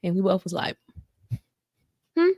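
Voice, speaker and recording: An American woman co-hosting a podcast tells a story briskly in clean studio sound with no echo. She's animated and slangy, acting out quotes with big jumps in pitch during the casual chat.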